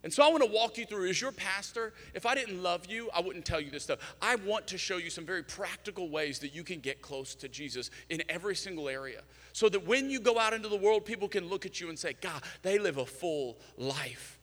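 Bright-voiced man preaching in a reverberant hall. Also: high voice, lively intonation, a little fast, few pauses. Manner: conversational storytelling, acts out both sides of dialogue. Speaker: pastor. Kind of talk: sermon. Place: church sanctuary. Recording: long church-hall reverb.

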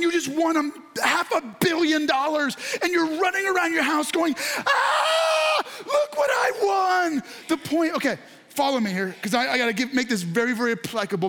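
A pastor delivers a sermon in a strikingly high male voice. He talks straight to the people in front of him and to those watching online, and often breaks into excited, shouted bursts. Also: vocal fry. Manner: addresses congregation and online viewers directly.

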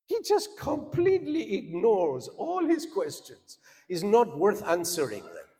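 A man preaching a sermon, swinging from loud, emphatic cries down to quiet asides. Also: sits high, wildly swooping pitch, slow pace, long pauses. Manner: preaching with dramatic rises into shouts and drops to a hush. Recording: long hall reverb.

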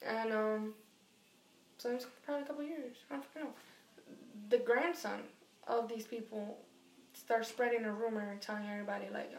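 Animated, cursing New woman. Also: a little high, fairly quick, echoey room, slight background noise. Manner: animated, profane, acts out quotes. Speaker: guest telling a story. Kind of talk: casual storytelling chat.

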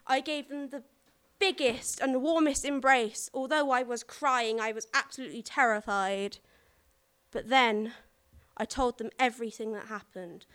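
A woman's voice: a little high, a little slow, a bit bright, clear, resonant tone. A woman telling a personal story to an audience in an earnest, dramatic way. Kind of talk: live storytelling.

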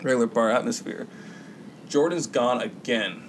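A man's voice: medium pitch, normal speed, rough recording. Male podcast co-host, loose profane storyteller, acts out quoted lines, light background hiss. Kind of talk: casual storytelling chat.

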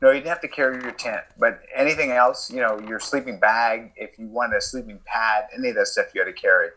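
A man's voice: mid-range voice, steady tone, quick pace, sharp tone, low-quality recording. A man being interviewed as a guest, chatting casually, laughing often and joking about himself. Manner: laughs often, self-deprecating. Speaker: guest, endurance athlete.

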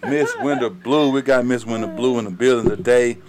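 A man's voice: medium pitch, fairly quick, background noise. A man with a Southern US accent hosting a podcast, hyped and slangy, repeating himself as he chats. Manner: hype, repetitive, slangy. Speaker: podcast host. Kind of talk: casual podcast chat.

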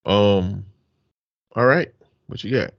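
A man's voice: on the low side, slow pace, vocal fry, dry recording, lo-fi sound. A man co-hosting a casual podcast, telling stories in a joking, profane way. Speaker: podcast co-host.

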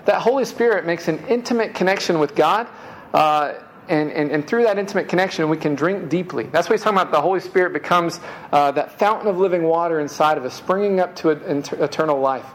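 A man with a somewhat high voice preaches a sermon in a relaxed, conversational style, tossing in quick asides like "man" and "right?" He often stumbles back over a word and repeats it before pressing on. The recording is low quality, with a faint hum in the background.

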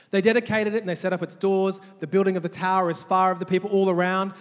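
A man preaching a sermon as pastor, animated, often restarting and repeating words as he leads the congregation in call-and-response. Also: high voice, fast. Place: large church hall. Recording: long hall reverb.

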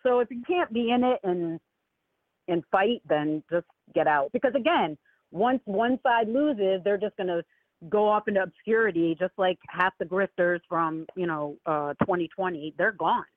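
A woman calling in to a show and chatting casually about politics, animated and swooping high when she mocks people. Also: moderate pace, dry recording. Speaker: caller. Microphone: phone call. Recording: tinny phone line, dry.

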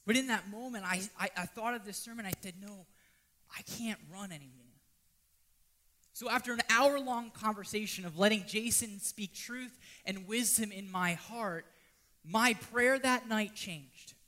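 A man preaching a sermon, swinging from loud pleading to hushed, almost whispered lines. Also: high-pitched, moderate pace. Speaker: pastor.

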